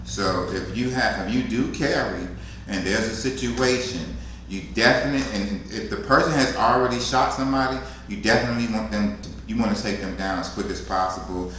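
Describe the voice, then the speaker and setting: Laid-back lower-voiced man in an echoey room. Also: a little fast. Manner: relaxed, conversational, colloquial. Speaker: security co-trainer. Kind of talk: casual instructional talk. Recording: very echoey room, faint noise.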